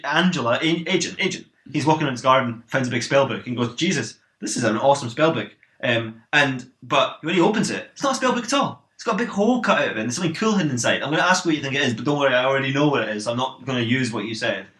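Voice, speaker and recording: Giggly male host, fast rambling comic narration, echoey room. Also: medium pitch, lively intonation, fairly bright tone. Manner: rambling, giggly, jumps into silly character voices. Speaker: podcast co-host reading fan fiction. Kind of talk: comedic improvised storytelling.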